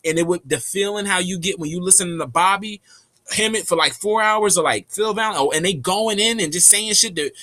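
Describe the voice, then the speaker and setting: A man telling a rambling, animated, slang-heavy story in a casual spiritual monologue. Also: on the high side.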